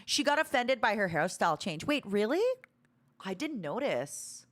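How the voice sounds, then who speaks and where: A woman streamer chatting casually, rambling with restarts and fillers, with a tone she calls harsh and to the point. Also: normal speed. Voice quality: animated, self-described harsh to-the-point tone. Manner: rambling with many restarts and fillers, sudden loud squeaky imitations.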